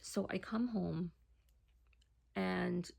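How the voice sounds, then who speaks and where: A woman telling a personal testimony in a casual, hushed storytelling voice that often drops to a near whisper. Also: fairly low pitch, steady tone, extremely slow, vocal fry.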